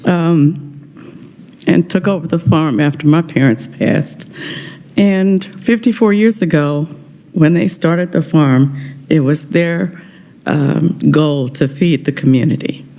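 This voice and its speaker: Woman, honoree at a committee hearing, grateful, heartfelt, warm mellow voice. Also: low-pitched, slow. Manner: heartfelt, grateful, a little emotional. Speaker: honoree testifying. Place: legislative hearing room.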